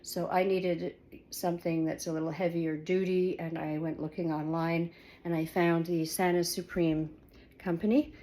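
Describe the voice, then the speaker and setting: A woman's voice: fairly low pitch, flat delivery, moderate pace, dark tone. A woman casually talking through her home kitchen in a rambling, hesitant vlog, with many fillers and restarts. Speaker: vlogger.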